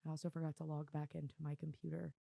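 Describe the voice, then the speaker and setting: Hoarse woman podcast host, gravelly, dry close sound, rambling self-deprecating chat. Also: deep voice, little pitch movement, fast, warm tone, dry recording. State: losing her voice. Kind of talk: casual chat. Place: room at home with dogs. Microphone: desk mic on video.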